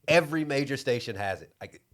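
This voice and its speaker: A man co-hosting a podcast, telling stories in an animated, laughing way and mimicking radio voices. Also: medium pitch, a little fast. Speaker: podcast co-host. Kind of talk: casual chat.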